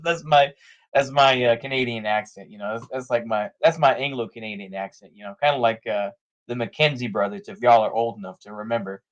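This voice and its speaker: Man, political commentator, casual rambling talk, middle pitch, filler-heavy, laughing often. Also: a little fast, muffled recording.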